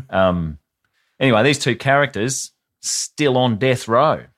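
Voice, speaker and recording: A man's voice: medium pitch, expressive, slow pace, a bit bright. A man with an Australian accent, telling a grim story with sweary, wry asides in a casual podcast chat. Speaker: podcast co-host.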